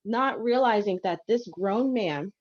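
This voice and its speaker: A woman guest on a casual podcast, telling stories in an animated way. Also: mid-range voice, a little slow, lo-fi sound. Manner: animated storytelling, acts out quoted people.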